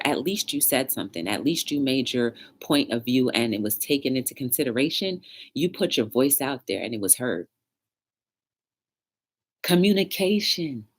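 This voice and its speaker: A young woman hosts a casual live talk show in a low voice. She speaks in a chatty, preachy way and answers viewers' comments as she goes. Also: husky.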